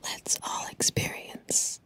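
A woman narrating a commercial in a soft, breathy whisper, as in whispered ASMR ad narration. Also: takes it slowly, poor audio. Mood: hushed, serene. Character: calm soothing woman whispering a beer ad.

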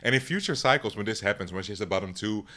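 A young man co-hosting a podcast in casual chat, animated and quick to laugh, often acting out quotes. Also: fairly low pitch. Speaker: podcast co-host.

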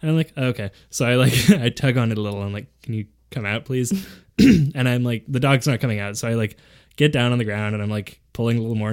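A young man hosting a podcast, telling a story in a casual, animated way and often breaking into laughter. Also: mid-range voice. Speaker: podcast host.

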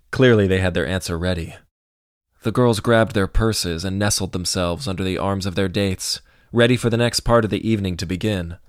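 A man reads a story aloud in a steady audiobook style. His voice is very low and deep. The recording is dry, with little room sound. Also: clear, resonant tone, no room sound. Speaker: narrator. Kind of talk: audiobook narration.

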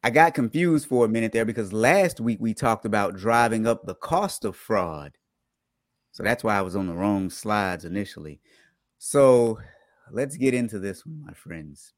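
Animated male podcast host, dry sound. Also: lowish voice, normal speed, no echo. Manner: animated, jokey, reads news items aloud then explains them. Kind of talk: casual podcast chat.

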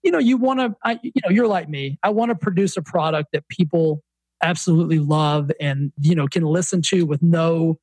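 A man's voice: fairly high pitch, normal speed, breathy edge, no echo. A man with a Southern accent, a fitness coach and author, telling stories animatedly as a podcast guest. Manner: animated storyteller, many restarts. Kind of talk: casual podcast interview.

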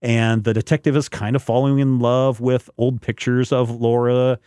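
A man hosting a podcast in relaxed, rambling chat, pausing often and filling gaps as he goes. His voice sits at a middle pitch, and the sound is dry and close with no room around it. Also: clean tone, no room sound. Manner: rambling, halting, lots of fillers. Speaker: podcast host. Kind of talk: casual chat.

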